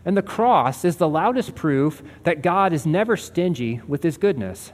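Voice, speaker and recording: A man's voice: on the high side, lively intonation, normal speed, long reverb tail. A man preaching a sermon as a pastor, earnest and conversational, asking his listeners rhetorical questions.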